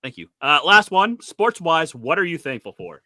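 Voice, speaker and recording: A man's voice: on the high side, big pitch swings, normal speed, sharp tone, dry recording, studio quality. A man with a Boston accent hosting a casual sports podcast, putting questions to his co-hosts and teasing them with profanity. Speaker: podcast host asking the questions.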